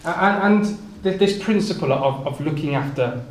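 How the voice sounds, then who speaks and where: A man with a slightly high voice speaks at a moderate pace, preaching an expository sermon from the King James Bible. Reading the scripture aloud, he trips over repeated words while explaining it, and the recording is echoey with faint ambient noise.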